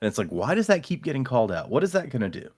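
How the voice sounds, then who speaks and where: A man's voice: medium pitch, big pitch swings, racing, darkish tone. A man hosting a casual book podcast who recaps the plot and acts out characters' lines. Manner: recaps the plot, acting out quotes. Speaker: podcast host. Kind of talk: casual book-club chat.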